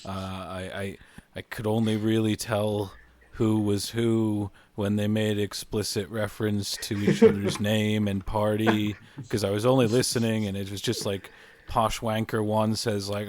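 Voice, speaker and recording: A man's voice: fairly low pitch, flat delivery, a little slow, hardly any pauses, a little mellow, slight background noise. A man guesting on a podcast, recounting things in a wry way and stammering over repeated words. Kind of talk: casual political chat.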